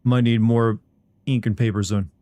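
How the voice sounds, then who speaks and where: A man's voice: mid-range voice, fairly even intonation, moderate pace, mellow, no room sound. A man giving casual live commentary while playing a game, swearing freely and talking to himself as he reacts. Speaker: gaming streamer.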